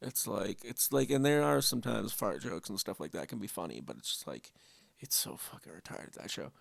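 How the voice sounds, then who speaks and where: A young man from Canada rambles through casual commentary, swearing and restarting his sentences. His voice is heavily gravelly. The sound is dry and close, with no room echo. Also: fairly low pitch, big pitch swings, brisk. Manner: rambling, profane, self-interrupting. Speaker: host.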